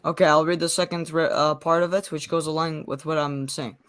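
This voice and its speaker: Young male debate guest, fairly high voice, rushes and pushes back, dry close audio. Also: fairly even intonation, fairly bright tone, clear, resonant tone, no room sound. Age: young adult. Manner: fast-talking, defensive, talks over the other. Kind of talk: live online debate.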